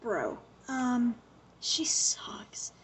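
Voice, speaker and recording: Whispering, a young woman with a somewhat higher-than-usual female voice recaps a TV show in casual, gossipy chat. Her retelling is animated and full of "like," with lines from the show acted out in quick quotes.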